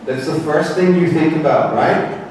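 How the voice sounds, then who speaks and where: A man's voice: on the high side, normal speed, a little mellow, slight background noise. A man from England teaching a staff English class, using simple short sentences and repeating key phrases. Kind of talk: classroom lecture. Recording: echoey room from far off.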